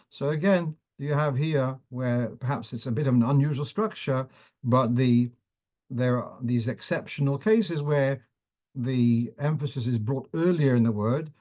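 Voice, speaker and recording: A man's voice: medium pitch, a little slow, a little mellow, highs cut off. A man teaching a class on the cantillation of Torah readings, who often restarts phrases as he explains and sometimes chants verses.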